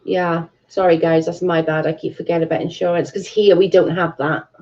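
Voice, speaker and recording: Through dull audio comes a British woman's mellow, lowish voice, fairly quick and with little pitch movement. She's hosting an easygoing livestream from her bedroom, chatting, reading out viewer comments, and swearing freely.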